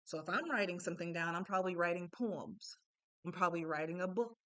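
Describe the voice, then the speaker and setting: A woman's voice: fairly low pitch, quick pace. A young adult woman giving a casual, chatty self-help talk, candid and full of asides.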